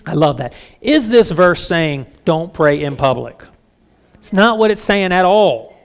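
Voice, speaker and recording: Middle-aged male pastor, conversational sermon, frank and self-mocking, slightly raised pitch. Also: smooth. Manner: candid, self-deprecating, lively asides.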